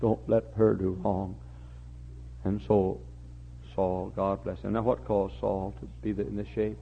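Older man preaching, husky, low voice, repetitive build-ups, muffled lo-fi recording. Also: flat delivery, measured pace. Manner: repetitive, rises to impassioned near-shouting peaks. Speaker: pastor. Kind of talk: sermon.

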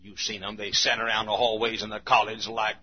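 A man's voice: on the low side, flat delivery, fairly quick. A man preaching a sermon in a folksy storytelling way, acting out little scenes. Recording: dull lo-fi recording with faint hum.

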